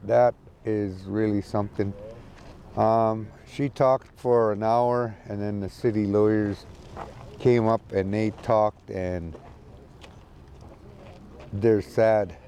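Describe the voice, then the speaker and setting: A man giving a casual, halting spoken report from an outdoor camp, with many restarts. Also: fairly low pitch, steady tone, warm tone, a little hiss or hum. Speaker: community advocate calling in from a camp. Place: outdoor encampment.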